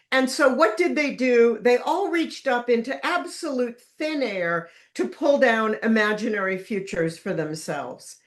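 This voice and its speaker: Slow, wry woman giving a slide lecture. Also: a little high. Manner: lively, wry storytelling with emphatic stresses. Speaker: author giving a book talk.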